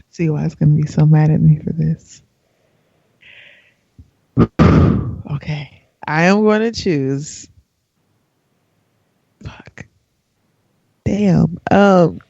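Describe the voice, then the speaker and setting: A woman's voice: deep voice, takes it slowly, gravelly, pauses often, warm tone, breathy edge, no room sound. Woman co-host, casual podcast chat, sighs a lot, torn and exasperated, dry slightly dull recording. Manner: indecisive, sighing, exasperated.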